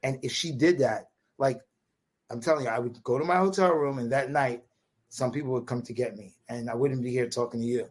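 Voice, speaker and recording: Husky Brooklyn man telling a story animatedly. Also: mid-range voice, brisk. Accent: New York. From Brooklyn, USA. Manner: animated, repetitive restarts, quotes dialogue with "right?" tags. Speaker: podcast guest. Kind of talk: casual storytelling.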